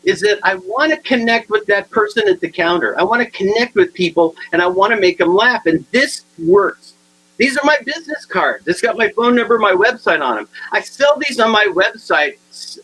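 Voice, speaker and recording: A man giving a humorous keynote talk to realtors, acting out both sides of his stories with animated delivery. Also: high-pitched, low-quality recording. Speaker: motivational speaker.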